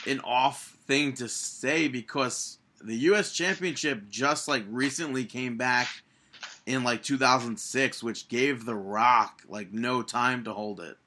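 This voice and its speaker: Young male podcast co-host, bright voice, opinionated and exasperated recapping. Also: medium pitch. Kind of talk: casual wrestling podcast chat.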